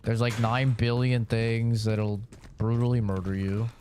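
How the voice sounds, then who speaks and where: A man's voice: medium pitch, little pitch movement, measured pace, darkish tone, slight background noise. A man streaming a game, chatting casually in a rambling, joking way with lots of fillers. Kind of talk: casual chat while gaming.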